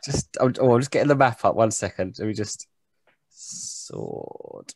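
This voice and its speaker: A man's voice: fairly low pitch, wildly swooping pitch, unhurried, vocal fry, breathy edge, no room sound. A man, game master, narrating a tabletop game in a rambling, self-mocking way.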